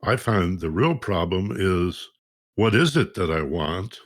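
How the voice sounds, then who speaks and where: A man's voice: low voice, animated, slow, dry recording, studio quality. A male podcast host asking thoughtful, probing questions in a musing way. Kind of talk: reflective interview talk.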